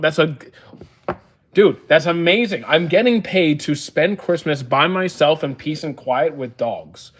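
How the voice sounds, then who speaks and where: A man in his thirties livestreams from an indoor room used to store action figures, reading viewer comments aloud and responding. He speaks at a mid pitch in an offhand, deadpan way, with lots of "uh" and short, dry comebacks.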